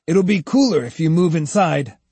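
A man's voice: a little high, sing-song, moderate pace, a little mellow, slightly rough, dry recording, voice pushed up, heavily acted. A man voicing an anxious, apologetic adult male manager who is eager to please, in an audiobook reading. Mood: polite. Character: flustered, fawning adult male shipping manager.

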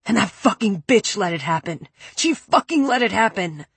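A woman doing a tormented young man, hoarse and raspy from screaming, swearing and breaking down in a storybook reading. The voice is husky and sits close and dry to the mic. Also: medium pitch, sing-song, normal speed, dry recording, exaggerated voice. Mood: anguished rage. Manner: yelling, anguished, swearing. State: raspy from yelling.

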